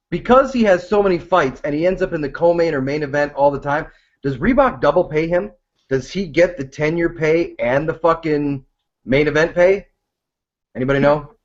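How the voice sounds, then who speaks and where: A man's voice: fairly high pitch, muffled recording. A man co-hosting a podcast, trading profane, joking sports banter and reading out listener tweets. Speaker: podcast co-host.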